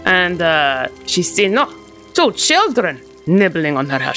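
Low-voiced woman spinning a campfire tale. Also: moderate pace, faint music behind. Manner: theatrical, rambling, deadpan dark humor. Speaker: player voicing Harissa. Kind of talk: in-character campfire storytelling.

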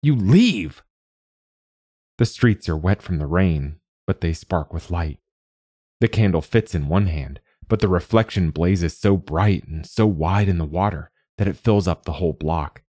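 Deep voiced guy reading a short story, calm and measured, super dry close mic. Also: no echo. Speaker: host and narrator. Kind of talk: scripted story narration.

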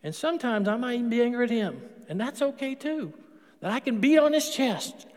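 A man's voice: very high voice, expressive, a little fast. A middle-aged man preaching a sermon in a church, conversational and storytelling, with emphatic punches. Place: church sanctuary. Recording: long reverb of a large hall.

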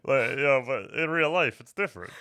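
A man's voice: animated, brisk, clear, resonant tone, dry recording, clean studio sound. A man hosting a casual movie review podcast, rambling and swearing freely, full of "like" and "you know". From United States. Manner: jumps into loud high mock voices for quoted lines. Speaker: podcast host.

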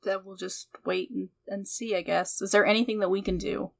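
A woman playing a tabletop game in character, speaking softly and uncertainly. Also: medium pitch, steady tone, a little fast, vocal fry. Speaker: player.

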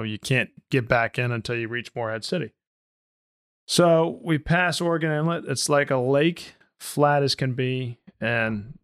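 A man and boat captain telling a casual story, lively, often acting out the dialogue. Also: medium pitch, clean tone. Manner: animated, jumps into quoted dialogue.

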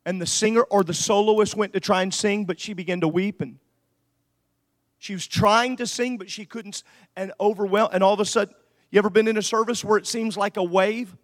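A male pastor preaching a sermon, moving from quiet asides to shouted peaks. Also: sits high, steady tone, a little fast.

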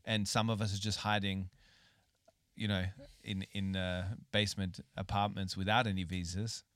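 Joking male podcast host, bright tone. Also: on the low side, normal speed, no room sound. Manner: joking, relaxed banter. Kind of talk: casual podcast chat.

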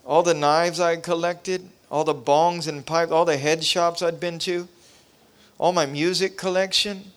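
A man's voice: on the high side, fairly even intonation, a little slow, clean tone. A man preaching a revival sermon, telling his own testimony with impassioned, repetitive preacherly cadence. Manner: impassioned, rising to near shouting. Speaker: pastor.

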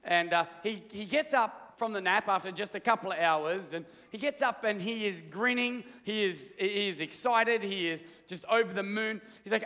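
Guy pastor telling a joke in his sermon, pretty high voice, laid-back, echoey church. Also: normal speed, hardly any pauses, sharp tone. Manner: casual, joking, conversational. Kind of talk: sermon with storytelling. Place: church hall.

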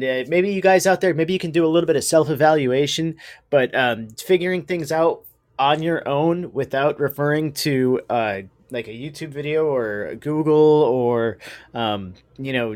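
Male co-host, slightly high voice, hesitant and halting. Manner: hesitant, full of restarts and fillers. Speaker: podcast co-host. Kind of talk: casual chat.

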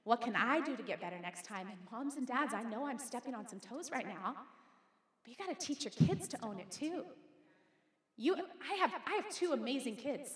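A middle-aged woman pastor with a high voice delivers a sermon. She talks in a conversational, emphatic way, straight to the people in front of her. Her voice rings out in a church auditorium with long, roomy reverb. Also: animated, moderate pace. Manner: conversational, emphatic preaching with direct address. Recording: echoey hall with long reverb.

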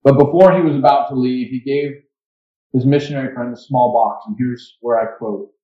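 A male pastor preaches earnestly, his voice sitting at a middle pitch. The sound is dull and lo-fi and rings around the church room, with mic problems audible. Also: fairly even intonation, moderate pace. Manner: earnest storytelling and quiet invitation. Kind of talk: sermon. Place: church sanctuary. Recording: dull echoey church recording with mic issues.

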